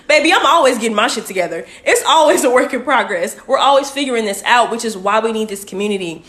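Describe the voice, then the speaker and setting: A woman's voice: a little high, lively intonation, fast, few pauses. Casual woman coach talking to viewers. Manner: warm, direct, uses "y'all" and "baby". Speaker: spiritual coach. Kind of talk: casual livestream talk to viewers. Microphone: phone.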